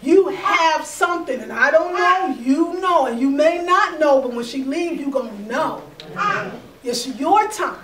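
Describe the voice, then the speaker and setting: A woman giving spiritual advice in an animated storytelling way. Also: sits high, measured pace, noisy background. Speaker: spiritual advisor. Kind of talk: conversational advice. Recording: echoey room, far from mic.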